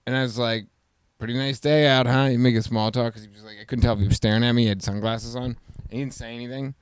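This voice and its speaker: A man hosting a podcast, casually telling a story and acting out the voices with loud exclamations. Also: mid-range voice, fairly even intonation, quick pace, clean tone, no room sound, clean studio sound. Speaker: podcast host.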